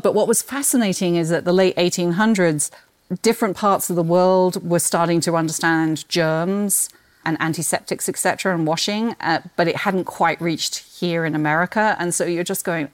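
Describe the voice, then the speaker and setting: A woman's voice: on the low side, normal speed. A woman from Britain with a British accent and a slight Australian twang, chatting animatedly about books as a podcast guest and laughing often. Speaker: guest, books marketing executive.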